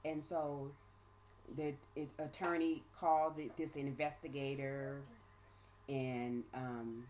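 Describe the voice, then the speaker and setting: A woman's voice: a bass voice, takes it slowly, slight background noise. A woman telling her own story in a casual vlog, acting out what people said and checking in with "right?" and "okay?". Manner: animated, acts out quoted dialogue with shifting voices; frequent laughs and asides like "right?" and "okay?". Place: at home with her child nearby.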